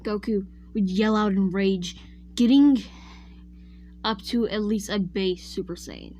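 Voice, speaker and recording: A woman's voice: mid-range voice, slow pace, warm tone, a little hiss or hum. A woman casually retelling a fan-made what-if story, rambling and often correcting herself mid-sentence while chatting to viewers. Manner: chatty, addresses viewers directly.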